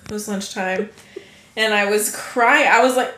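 A young woman co-hosting a podcast in casual chat, animated, laughing often and swearing freely. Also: medium pitch, measured pace. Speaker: podcast co-host. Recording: echoey room.

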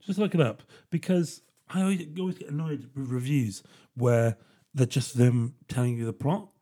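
A man's voice: medium pitch, normal speed, mellow. A man hosting a solo podcast, talking in a casual, joking, rambling way and often checking in with "right?". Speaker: podcast host.

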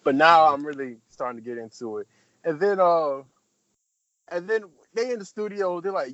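A man's voice: moderate pace, dry recording, lo-fi sound. A man in casual chat, animatedly recapping a TV episode and acting out the characters' lines with sudden jumps in his voice. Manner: animated storytelling, acting out quotes with big pitch jumps, heavy profanity.

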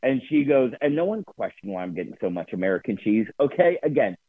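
A man's voice: medium pitch, very animated, a little fast, slightly rough, no echo. Ranting man with a New Jersey accent. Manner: ranting, profane storyteller. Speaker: podcast co-host. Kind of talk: casual chat. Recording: dry tinny phone-like sound.

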